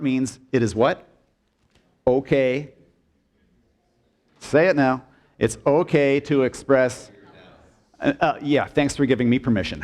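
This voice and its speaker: A male pastor delivering a sermon in a church, asking the congregation questions and drawing them into call-and-response, sometimes dropping low and soft for emphasis. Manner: expressive preaching, dips low and soft for emphasis. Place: church sanctuary.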